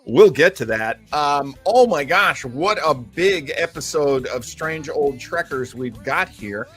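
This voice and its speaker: A man's voice: on the high side, lively intonation, takes it slowly, a bit bright, husky, faint music behind. A man hosting a casual live stream, rambling and self-mocking with many fillers. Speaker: show host.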